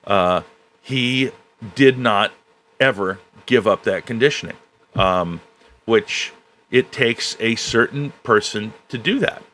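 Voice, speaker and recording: A man hosting a podcast, chatting casually in a halting way with frequent "uh" pauses. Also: on the low side, pushed and bright, slight background noise. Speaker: podcast host. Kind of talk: casual chat.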